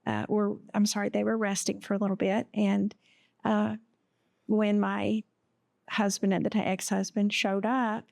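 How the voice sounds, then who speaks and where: A woman guest on a podcast telling a personal story in a slow, halting way, with many pauses and fillers. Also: medium pitch, gravelly, darkish tone, dry recording, clean studio sound.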